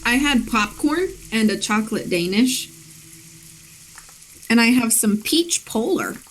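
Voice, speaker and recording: Woman co-host, fairly high voice, chatty and giggly, rambling gaming chat, faint hiss. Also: expressive, a little slow, a bit bright, low-quality recording. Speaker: co-host guiding the game.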